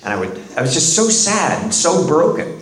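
A man's voice: on the high side, big pitch swings, moderate pace. A middle-aged man telling his recovery story in a candid, self-deprecating way, laughing at himself as he goes. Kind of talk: personal recovery talk. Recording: echoey room.

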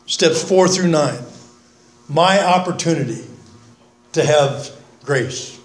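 An older man giving a folksy, earnest talk at a recovery meeting, with self-mocking humor. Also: high-pitched. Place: meeting room, speaking from the front. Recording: echoey meeting room.

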